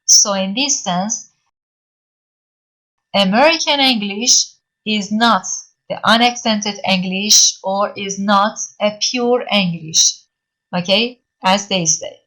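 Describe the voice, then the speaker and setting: Woman w/ lecturing slowly over a video call, lots of uh and um. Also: medium pitch, sharp tone, poor audio. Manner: slow, with frequent fillers and repeated words. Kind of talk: online linguistics lecture.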